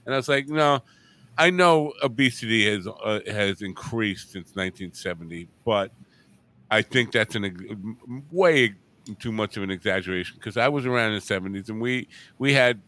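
A man's voice: on the low side, normal speed, bright, forceful tone. A middle-aged man hosting a casual chat show, teasing his guest and joking gloomily about himself. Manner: teasing, gloomy and self-mocking. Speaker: show host.

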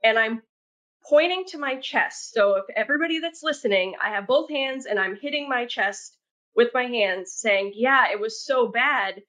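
Podcast guest, woman, chatty and expressive storyteller, voice a little high. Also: normal speed. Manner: chatty, talks with her hands, many "like" fillers. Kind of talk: casual storytelling.

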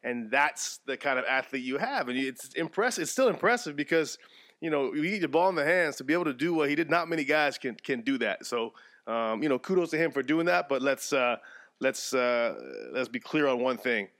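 A man co-hosting a sports podcast in casual chat, animated and jokey, breaking into mock play-by-play. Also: mid-range voice, brisk. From Canada. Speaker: podcast co-host.

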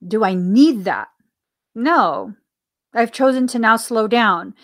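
Slow-talking spiritual podcast woman. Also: a little high. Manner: earnest, musing, laughs often, asks herself questions. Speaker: podcast host. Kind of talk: reflective spiritual talk.

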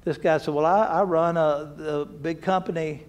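Male pastor, folksy storyteller, slightly high-pitched. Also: steady tone, normal speed, darkish tone, lo-fi sound. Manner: folksy, repeats words, conversational storytelling. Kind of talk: sermon with storytelling.

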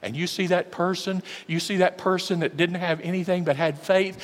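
A male pastor delivers a sermon, moving from booming calls down to hushed, heavy lines. His voice sits fairly high. Long hall reverb follows every phrase. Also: moderate pace. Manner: dramatic, swinging between booming and hushed.

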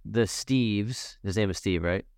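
Casual, curious male podcast host with a low, resonant voice. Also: a little slow, darkish tone, smooth, no room sound, studio quality. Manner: casual, curious, laughs easily. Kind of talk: casual interview chat.

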